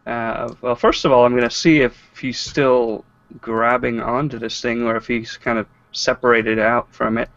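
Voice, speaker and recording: Gravelly man cracking dry jokes. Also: medium pitch, little pitch movement, moderate pace, fairly bright tone, highs cut off. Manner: dry, joking. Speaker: player. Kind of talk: casual tabletop play.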